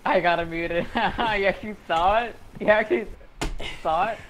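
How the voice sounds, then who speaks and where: Young dude on voice chat, bright sharp voice, teasing his buddy, yells when spooked. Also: sits high, normal speed, a little hiss or hum. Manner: teasing, shouts when startled. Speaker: gaming friend. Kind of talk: casual gaming chat.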